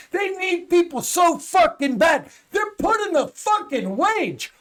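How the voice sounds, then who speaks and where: A man, a guest stand-up comedian, delivering a loud comedic rant packed with profanity. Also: very high voice, sing-song, unhurried, few pauses. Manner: loud, profanity-laden, shouting. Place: studio.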